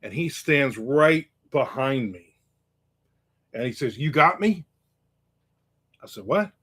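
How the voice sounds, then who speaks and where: A man telling a story in a casual monologue, animated and acting out the people in it with raised voices. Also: mid-range voice, slow, slightly rough.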